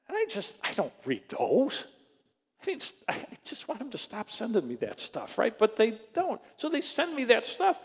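A middle-aged man, a pastor preaching a sermon, telling a story in an animated way and acting out both sides of phone calls. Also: high voice. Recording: long reverb of a hall.

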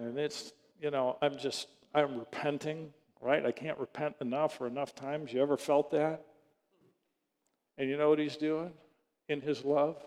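A middle-aged man, a pastor preaching a sermon, telling a story in an animated way and acting out both sides of phone calls. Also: fairly high pitch. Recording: long reverb of a hall.

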